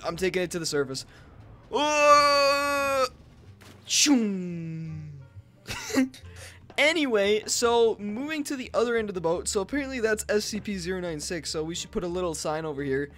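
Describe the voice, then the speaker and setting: A man hosting a casual gameplay video, talking excitably in a rambling way and often yelping and laughing into a headset mic. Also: high voice, fast, hardly any pauses. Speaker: gaming channel host.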